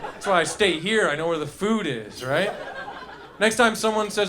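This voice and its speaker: A man's voice: sits high, lively intonation, unhurried, crowd noise. A man doing loose, profane stand-up comedy, riffing with the audience and making yelping sound effects. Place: comedy club stage with live audience.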